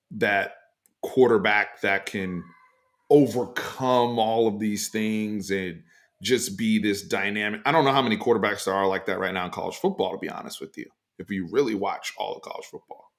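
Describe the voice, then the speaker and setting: A man hosting a casual sports talk show, giving emphatic opinions in a loose, animated way with frequent fillers. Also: fairly low pitch. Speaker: sports podcast host.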